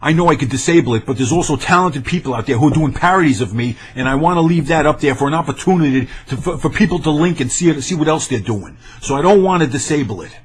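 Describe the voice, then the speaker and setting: Husky brash guy ranting on his webcam, voice jumps all over, kinda high. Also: animated, quick pace, few pauses. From New York area. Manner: brash, rambling, stammering. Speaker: video blogger.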